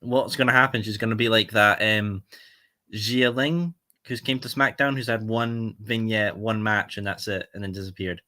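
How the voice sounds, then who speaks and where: A man with a Scottish accent, his voice sitting low in pitch yet bright and forceful in tone. He banters casually and teases with a joking, mock-outraged edge. The sound is dry and close. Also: fairly even intonation, normal speed, no echo. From Scotland. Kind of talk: casual podcast chat.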